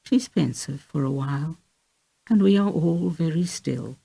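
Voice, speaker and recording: A middle-aged woman narrating her own memoir as an audiobook, in a quiet, measured way. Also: deep voice, expressive, vocal fry, husky. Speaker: author and narrator.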